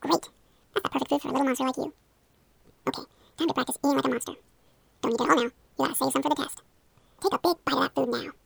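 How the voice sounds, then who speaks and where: A woman's voice: high voice, very fast, gravelly, pauses often, no echo. A young woman leading a playful hypnosis role-play, coaxing and encouraging the listener. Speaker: hypnosis guide.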